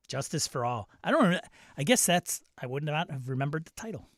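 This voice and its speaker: A man's voice: medium pitch, expressive, fairly quick, dry recording, studio quality. A man hosting a casual livestream chat, reading out viewer comments and laughing often. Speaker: host.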